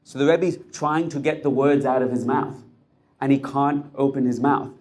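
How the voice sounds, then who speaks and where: A man's voice: mid-range voice, steady tone, moderate pace, darkish tone. Man telling a story with intense suspense. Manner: intense, building suspense in short punchy phrases. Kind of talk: dramatic storytelling.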